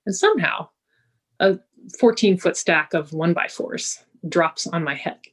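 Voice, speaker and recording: A woman's voice: lowish voice, unhurried, husky. A middle-aged woman, a healer and guest, telling a personal story in a casual interview and acting out the things people said. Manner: lively storyteller who acts out quoted speech.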